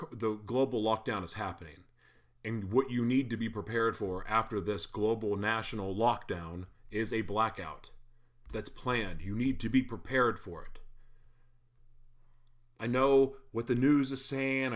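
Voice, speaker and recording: A man giving a heated monologue, swinging between loud ranting and quiet, mock-polite asides. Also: mid-range voice. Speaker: online commentator.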